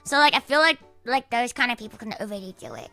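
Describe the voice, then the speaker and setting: A woman's voice: a little high, lively intonation, quick pace, pushed and bright, faint music behind. A young woman chatting casually on her livestream, rambling, swearing, with many fillers. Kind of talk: casual stream chat.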